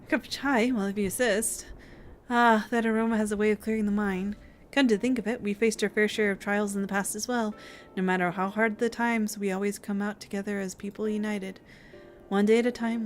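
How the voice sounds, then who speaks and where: A woman voicing a calm, reflective villager in a fantasy game, speaking in a measured, earnest way. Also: mid-range voice, soft background music, close to an everyday voice.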